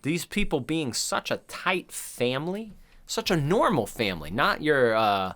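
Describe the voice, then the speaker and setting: A man's voice: on the high side, big pitch swings, measured pace, fairly bright tone. Thirties male podcast co-host, loose and profane, rambling chat delivery. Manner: loose, profane, rambling retelling with quoted voices. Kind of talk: casual chat.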